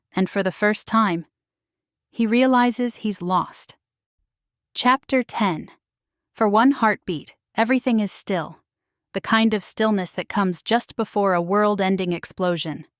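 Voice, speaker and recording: A woman reading a first-person paranormal romance story aloud, hushed and emotional. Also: medium pitch, no room sound, studio quality. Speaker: narrator.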